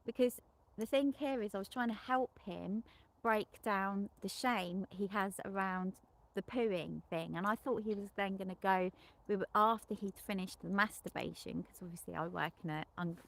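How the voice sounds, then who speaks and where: A woman's voice: medium pitch, normal speed, gravelly, fairly bright tone. A middle-aged woman, a sex therapist, frankly recounting a client session in a loose, rambling way with many restarts. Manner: rambling, frequent restarts and self-corrections; frank and unembarrassed on explicit topics.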